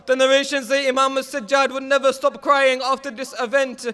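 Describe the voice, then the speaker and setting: An impassioned male preacher narrating a mourning sermon, his delivery building to shouts at the peaks. His voice is unusually high and bright, and it stays within a narrow, even pitch range. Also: fairly quick, hardly any pauses.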